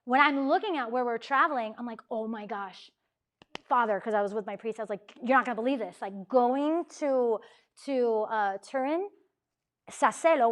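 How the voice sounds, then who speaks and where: Woman telling a story to a campus group, fairly high voice, acts out what people said, says "like" a lot. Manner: animated, acts out quoted dialogue, frequent "like" fillers. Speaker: campus ministry speaker. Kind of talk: lively storytelling talk. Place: university talk room.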